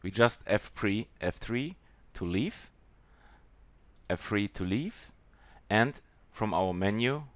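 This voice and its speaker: A man with a German accent walking through a software tutorial in a halting way, with many pauses and fillers. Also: deep voice, no echo. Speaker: software demonstrator.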